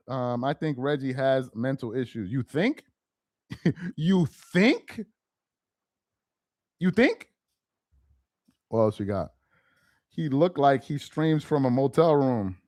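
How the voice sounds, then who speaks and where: A man's voice: high voice, dry recording, studio quality. A young man hosting a casual livestream, reading chat aloud with slangy, incredulous banter and frequent laughter.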